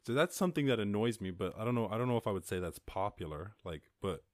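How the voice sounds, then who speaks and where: A man's voice: fairly low pitch, animated, quick pace, dry recording, studio quality. A man hosting a podcast, talking casually and rambling through listener questions with swearing and sudden bursts of outrage. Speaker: podcast host. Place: lives in rural Ireland.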